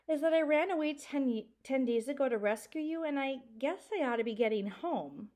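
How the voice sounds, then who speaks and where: Woman voicing a cheerful nine-year-old boy for a storybook, eager and bright, high and lively. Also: fairly quick.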